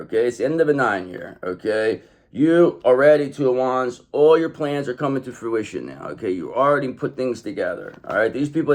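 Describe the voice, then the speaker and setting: Male tarot reader, mid-pitched, brash and profane, hypes the viewer up. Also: a little mellow. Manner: swaggering, emphatic, profane, keeps tagging "okay?". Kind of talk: casual tarot reading monologue.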